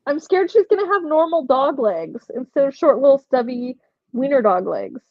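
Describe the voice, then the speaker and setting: A woman's voice: high-pitched, big pitch swings, moderate pace, no room sound, dull audio. A young woman hosting a casual livestream giveaway, chatting and laughing while reading comments from chat aloud. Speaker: livestream host running a giveaway.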